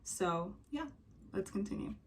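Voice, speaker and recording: This young woman's mid-range voice has lively intonation, though she talks a little slowly. Reacting to a song, she chats casually about its music, fills in with lots of fillers, and hums or sings snippets.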